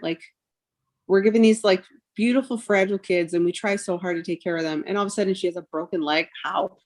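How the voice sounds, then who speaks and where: This podcast guest is a mother in her thirties recounting something painful from her own life, speaking fast in a mid-range voice with a steady tone. She repeats other people's words as quoted dialogue, and "like" and "um" come up constantly as she tells it emotionally.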